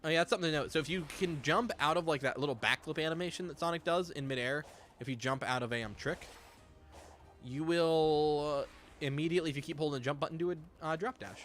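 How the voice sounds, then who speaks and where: A man's voice: fairly high pitch, quick pace, fairly bright tone, soft background music. A young man chatting casually while streaming a game, rambling and swearing freely. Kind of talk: casual gameplay commentary.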